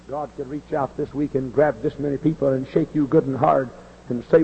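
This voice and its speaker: A man in his forties preaching a sermon in a gravelly, husky voice, moving from folksy stories to loud impassioned outbursts. The recording is dull and old, with long reverb from a large church hall. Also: mid-range voice, steady tone, a little fast. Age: 40s. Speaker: pastor.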